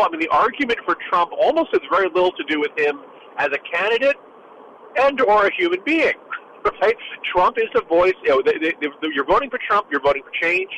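A man talking casually as a political commentator, animated and jokey, with quick asides. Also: a little high, slight background noise, rough recording.

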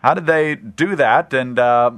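A man hosting a radio interview, asking questions in a measured way with frequent hesitations. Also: medium pitch, fairly bright tone, no echo. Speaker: radio host. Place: radio studio.

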